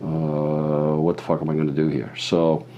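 A man's voice: rumbling low, monotone, moderate pace, mellow, dull audio, a little hiss or hum. A man telling a meandering, swear-filled story in conversation. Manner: profane, meandering, acts out other people's voices. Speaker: guest storyteller. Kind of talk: rambling anecdote in conversation.

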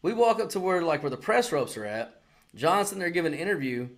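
A man chats casually on a podcast, a touch higher in pitch than most men. He tells stories in an animated, profane way and slips into other people's voices to quote them. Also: fast. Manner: animated storyteller, heavy swearing, acts out quotes. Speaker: podcast co-host. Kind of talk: casual chat.

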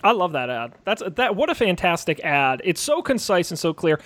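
A man's voice: high-pitched, big pitch swings, normal speed, a bit bright. A man co-hosting a casual chat, talking in a chatty, wry way. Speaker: co-host.

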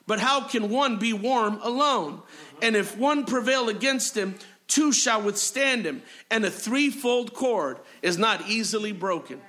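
High bright-voiced preaching man. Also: a little slow, hardly any pauses. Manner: preaching with frequent amens and hallelujahs, repetitive rhythmic phrasing. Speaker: pastor. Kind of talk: sermon. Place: church sanctuary.

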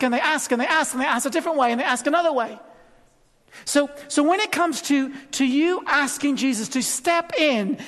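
A man preaching a sermon in a conversational way, full of rhetorical questions, moving from loud emphasis to hushed tones. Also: very high voice. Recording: long hall reverb.

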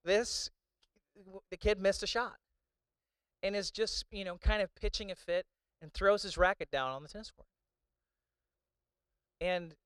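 A man's voice: high voice, fairly bright tone, clean tone, no room sound. A man preaching a sermon in a conversational, storytelling way, with many restarts. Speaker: pastor.

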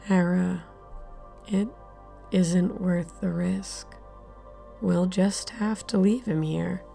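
A woman's voice: fairly low pitch, steady tone, vocal fry, dark tone, faint music behind, full character voice. A woman playing a cool, uncaring leader. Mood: cool, dismissive. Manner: cool, dismissive, unhurried.

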